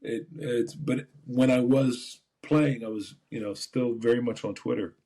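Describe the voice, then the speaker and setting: A man, a former football player, telling stories as a podcast guest in a relaxed, rambling way. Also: mid-range voice, unhurried. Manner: relaxed, rambling, many fillers and restarts. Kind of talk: casual storytelling.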